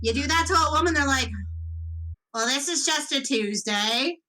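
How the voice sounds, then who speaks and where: A woman's voice: moderate pace, bright, forceful tone, low-quality recording. A woman voicing a brawny, teasing tough gal. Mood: mocking. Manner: teasing, drops low and purring when threatening.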